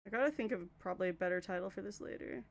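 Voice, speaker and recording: A young Canadian woman streams while chatting casually, her mid-range, gravelly voice racing along. With a Canadian accent, she rambles and keeps interrupting herself.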